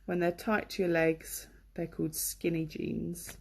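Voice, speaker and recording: A woman's voice: fairly low pitch, little pitch movement, unhurried, vocal fry, slightly rough. A woman from England giving a chatty, enthusiastic online English lesson, with many fillers, on a computer microphone. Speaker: English teacher.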